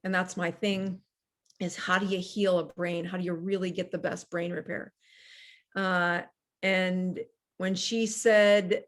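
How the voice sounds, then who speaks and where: Earnest middle-aged woman physician. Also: medium pitch. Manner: earnest, reflective, with restarts and soft laughs. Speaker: physician guest. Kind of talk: casual interview storytelling.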